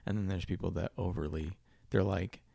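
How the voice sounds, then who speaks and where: A young man co-hosting a podcast talks in a loose, rambling way, full of fillers and casual swearing. His voice sits a little low and has a gravelly edge. The sound is dry and close, with no room around it. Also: fairly even intonation, brisk, mellow, dry recording. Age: young adult. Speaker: podcast co-host.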